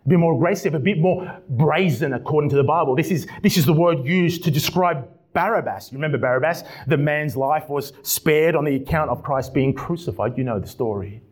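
A man preaching a sermon, swinging from loud emphatic passages to quiet ones, with frequent stumbles and restarts. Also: fairly high pitch, a little fast, hardly any pauses.

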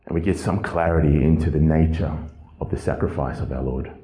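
A male pastor preaching a passionate sermon, his voice swinging from low, measured reading to high, emphatic outbursts. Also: steady tone, dark tone, echoey room, slight background noise, rough recording.

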